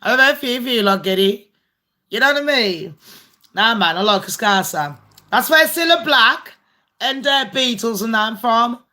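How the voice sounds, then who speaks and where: A woman's voice: a little high, lively intonation, normal speed, bright, forceful tone. A woman hosting a casual live stream, chatty, swearing freely and laughing often. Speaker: livestream host.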